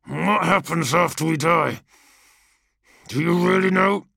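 A man doing a gruff, mocking old-war warrior. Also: fairly high pitch, a little slow, pushed and bright, no room sound, clean studio sound, pitched above the performer's own voice, full character voice. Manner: mocking, growling through teeth. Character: scornful battle-hardened male warrior, gruff.

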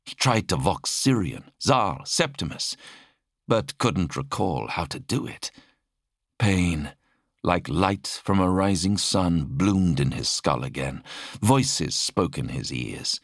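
A man narrating an audiobook in a dramatic, measured reading style. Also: sits low, animated, breathy edge, no echo, studio quality. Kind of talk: scripted narration.

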